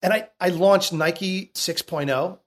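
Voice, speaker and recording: A middle-aged man telling stories as a guest in a casual interview, blunt and animated, swearing freely. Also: sits high, slow pace. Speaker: entrepreneur guest.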